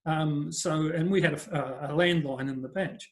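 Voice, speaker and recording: An older man, speaking as a business coach in a relaxed interview. His voice sits a bit higher than most men's, and he tells stories in a chatty, rambling way full of fillers. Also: moderate pace. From New Zealand. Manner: chatty anecdotal storyteller, frequent fillers. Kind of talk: conversational interview storytelling.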